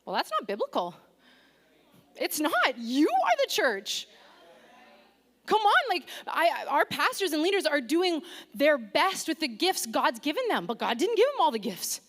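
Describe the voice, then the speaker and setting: A woman preaching a sermon to her church, lively and self-deprecating, joking and calling out to the congregation. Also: high-pitched, unhurried. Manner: lively, self-deprecating humor, engages audience. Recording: long reverb of a large hall.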